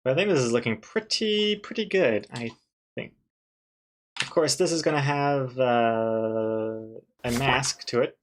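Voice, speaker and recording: A man streaming live as he works on a comic, talking casually with viewers and second-guessing his choices out loud. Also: mid-range voice, a little slow. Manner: thinks aloud, second-guesses himself, chatty with viewers. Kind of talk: casual live-stream commentary while drawing.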